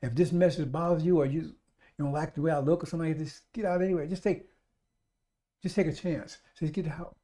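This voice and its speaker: A man preaching on the radio in a fervent, repetitive street-preacher style, calling his listeners brothers and sisters and building up to loud exhortations. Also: a little high, steady tone, fast talker.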